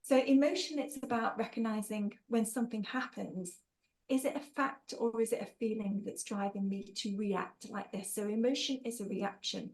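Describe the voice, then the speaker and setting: A woman's voice: fairly high pitch, fairly even intonation, normal speed, darkish tone, low-quality recording. A woman leading an online training webinar, upbeat and jokey, reading out participants' answers and praising them. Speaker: workshop trainer.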